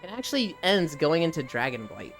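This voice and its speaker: A live streamer chatting casually while walking on a treadmill, reading chat aloud and telling stories with lively animation. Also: medium pitch, brisk, faint music behind. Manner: reads chat aloud and riffs, animated storytelling.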